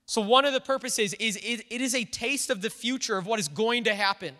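A man's voice: very high-pitched, fairly quick, pushed and bright. A man pastor preaching a sermon in a church, talking in a conversational way and thinking aloud with the congregation. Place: church sanctuary. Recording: long reverb of a church hall.

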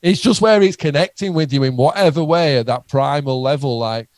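A man's voice: a little high, brisk, darkish tone, dry recording. A man, a songwriter in a casual chat, who talks emphatically and swears a lot as he tells stories. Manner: heavy swearing, emphatic and storytelling.

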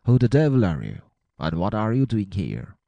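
A man's voice: low voice, sing-song, moderate pace, a little mellow, no room sound, dull audio. A man voicing a burly, grim male doctor in a storybook reading, speaking tersely.

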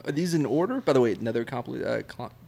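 Teasing podcast dude, swoopy voice w gravel in it. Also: male voice, mid-range voice, animated, quick pace, dark tone. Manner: incredulous, teasing, interrupting. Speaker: podcast co-host. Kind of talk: casual chat.

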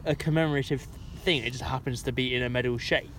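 A man's voice: medium pitch, fairly even intonation, fast talker, crowd noise. A young man from England co-hosting a podcast, chatting casually, swearing and joking between laughs. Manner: sweary, jokey, laughs a lot. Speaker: podcast co-host. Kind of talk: casual banter.

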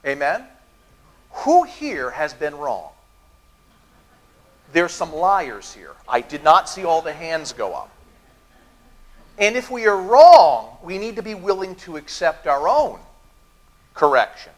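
Middle-aged guy pastor giving a sermon, high voice, really animated, chats with the crowd. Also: takes it slowly, pauses often. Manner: lively storytelling with audience asides. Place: church sanctuary.

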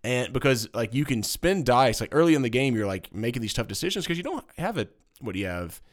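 A man's voice: mid-range voice, a little fast. A man co-hosting a casual board game podcast, joking and explaining rules at length. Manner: animated, jokey, rambling explanations. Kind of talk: casual chat. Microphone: studio microphone.

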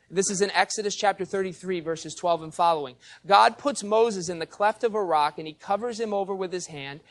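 Male pastor, fairly high voice, teacherly sermon, explains and quizzes the congregation. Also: a bit bright. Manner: teacherly, explains the Greek and asks the congregation questions. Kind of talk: expository sermon.

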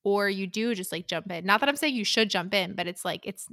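A young woman co-hosting a podcast, chatting casually and retelling a book's scenes in an opinionated, animated way. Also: medium pitch, fairly quick, no room sound, studio quality. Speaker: podcast co-host. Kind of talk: casual chat discussing a romance book.

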